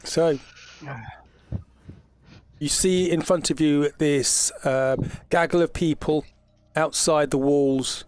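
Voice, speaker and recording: Halting male game master, slightly high. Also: steady tone, a little mellow, slight background noise. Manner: halting, many fillers. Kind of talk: narrating a tabletop game.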